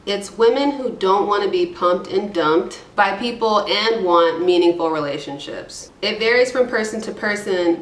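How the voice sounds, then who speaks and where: A woman's voice: medium pitch, roomy sound. A woman giving casual, irreverent commentary while reading forum posts aloud, with rambling, self-deprecating asides. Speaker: YouTube commentator.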